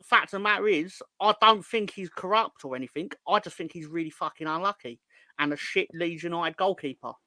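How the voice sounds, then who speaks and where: Bright, lively fan talk. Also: male voice, a little high, a little fast, no echo. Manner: animated storytelling, swears freely. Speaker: co-host. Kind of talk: casual fan chat.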